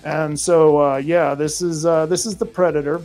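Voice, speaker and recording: A man's voice: a little high, fairly even intonation, moderate pace, a little mellow, faint music behind. A male podcast host with a rural American accent, talking casually to listeners in a rambling way full of fillers and restarts.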